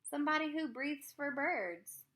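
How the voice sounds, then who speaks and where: A woman reading a children's book aloud, voicing a curious and stubborn little boy in slow, playful, higher lines. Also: animated, noisy background.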